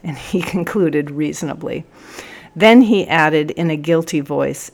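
Low-voiced woman narrating a storybook. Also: a little slow, vocal fry.

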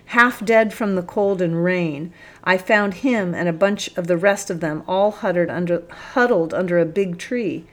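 A woman voicing a bossy male police sergeant who bellows slow, drawn-out commands in a storybook reading. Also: mid-range voice, fairly bright tone, natural voice. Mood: angry.

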